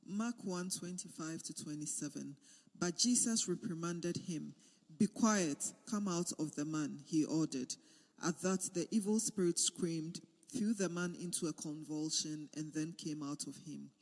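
A man's voice: fairly high pitch, measured pace. Man reading scripture in a hall. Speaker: scripture reader.

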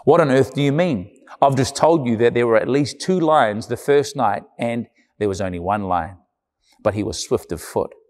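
A man's voice: mid-range voice, moderate pace, darkish tone, natural voice. A man reading as a puzzled young boy. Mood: questioning. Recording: long church-hall reverb.

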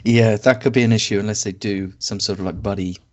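A man's voice: on the low side, steady tone, fast, lo-fi sound. A man co-hosting a podcast, answering with dry, wry remarks in a casual chat. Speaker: podcast co-host.

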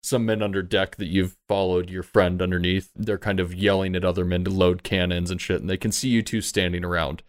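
A man's voice: deep voice, level tone, fairly quick, hardly any pauses, dry recording, clean studio sound. A man running a tabletop game as game master, narrating in a loose, casual way.

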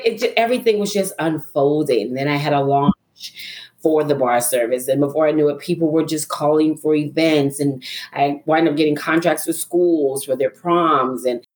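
Deep-voiced, this middle-aged woman appears as a guest author on a podcast, animatedly recounting a personal story. She frequently laughs and voices her own thoughts as she goes.

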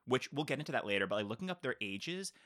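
A man's voice: medium pitch, big pitch swings, quick pace, fairly bright tone. A man co-hosting a casual movie podcast, reading out the plot summary and riffing on it with frequent laughter. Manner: reads plot summary then riffs, laughs often. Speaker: podcast co-host. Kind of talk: casual movie review chat.

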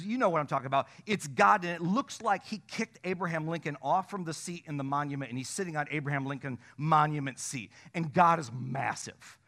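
Man preaching in church, kinda high voice, gets loud and excited then drops down quick. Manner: animated preaching with sudden loud peaks and quick asides. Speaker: pastor. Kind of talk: sermon.

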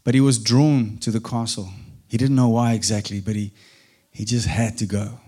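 Calm man narrating a storybook tale. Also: on the low side, husky. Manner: calm, unhurried, with small restarts.

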